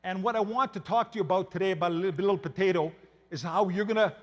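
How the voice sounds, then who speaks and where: A Canadian motivational speaker addresses an audience in a folksy, story-driven style, talking fast. For a man, his voice is slightly high, and a long reverb from the big hall lingers after each phrase.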